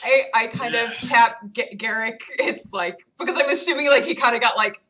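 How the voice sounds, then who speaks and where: A woman playing in an online tabletop game, giggly and animated as she explains her moves. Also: on the high side, normal speed, rough recording. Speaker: player.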